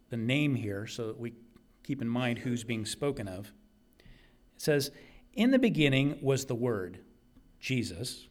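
A man preaching a sermon, earnest and emphatic, repeating key phrases for weight. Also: medium pitch.

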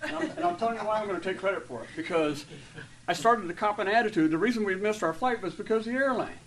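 A man in his fifties sharing a rambling, heartfelt testimony with a group, full of fillers and restarts, turning loud and animated when he retells stories. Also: high voice, fast talker, crowd noise. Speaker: church member sharing a testimony. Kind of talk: casual spoken testimony to a group. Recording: distant mic with faint room ambience.

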